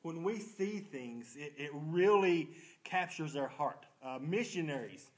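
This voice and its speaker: A man's voice: on the high side, lively intonation, unhurried, rough recording. A man leading a church Bible study, folksy and self-deprecating, quizzing the class and answering his own questions.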